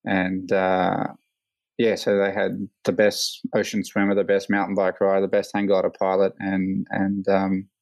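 An Australian hang glider pilot, a guest in a relaxed interview, spins a long story in a fairly low, gravelly voice at an unhurried pace. He rambles, leans heavily on fillers, and slips into livelier voices when quoting people. The recording is dry and close, with no room echo.

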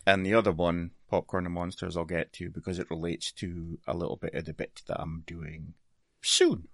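A man's voice: low voice, flat delivery, normal speed, fairly bright tone, no room sound, studio quality. A Scottish man chatting casually on a podcast, laughing often and swearing in a self-deprecating way. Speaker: podcast guest presenter. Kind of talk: casual chat.

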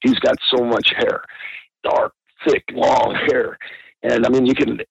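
Man, podcast guest, husky voice, dry close sound, rambling and laughing. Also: medium pitch, little pitch movement, a little slow, no room sound, highs cut off. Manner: rambling storyteller, laughing often. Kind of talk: casual anecdote telling.

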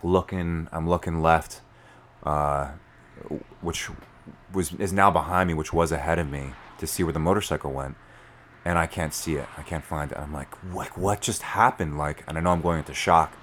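A man, telling a story as a podcast guest in an animated way, full of fillers. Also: rumbling low, normal speed, a little hiss or hum. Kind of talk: storytelling in conversation.

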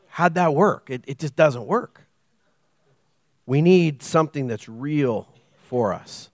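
A middle-aged man preaching a sermon as pastor, telling stories with animated delivery and acting out dialogue. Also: fairly high pitch, dry recording, studio quality. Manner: animated storytelling, acts out dialogue.

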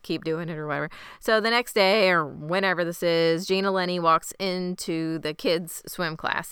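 Woman with a very clear, bright voice. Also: on the low side, dry recording, studio quality. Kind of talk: casual chat recapping a TV show.

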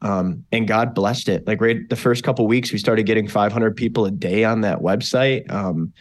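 A man's voice: on the low side, moderate pace. Earnest male pastor telling his story. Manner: earnest, animated retelling with many fillers and restarts. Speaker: pastor, podcast guest. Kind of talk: personal testimony storytelling.

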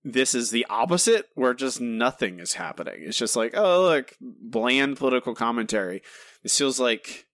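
A man co-hosting a casual podcast, animated and argumentative, often restarting his sentences. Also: medium pitch, normal speed, no room sound, clean studio sound. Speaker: podcast co-host.

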